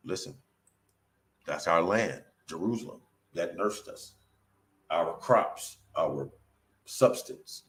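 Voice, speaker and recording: A man giving an informal scripture sermon in casual slang, swinging between loud emphatic bursts and low mutters and drawing words out slowly. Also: big pitch swings, rough recording. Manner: stretches words out slowly for effect. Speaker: preacher.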